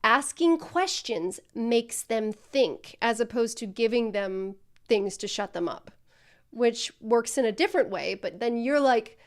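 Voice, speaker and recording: A woman's voice: fairly high pitch, lively intonation, a little slow. A woman coaching a student through customer service role-play, speaking directly and encouragingly.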